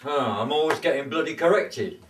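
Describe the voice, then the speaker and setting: A jumpy, exclaiming ex-serviceman, acted by a man in an amateur comedy sketch. His voice runs high. It sounds roomy and far from the mic. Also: a little fast, a little hiss or hum, natural voice. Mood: announcing. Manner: excitable, exclaiming. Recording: echoey room, voice from far off.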